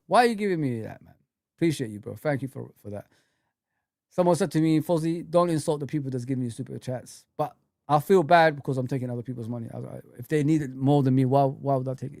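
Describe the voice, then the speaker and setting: Here a football fan channel host rants on his livestream, heated and swearing, repeating himself, then turns to chat with his viewers. His voice sits in the mid range, captured in studio quality without echo.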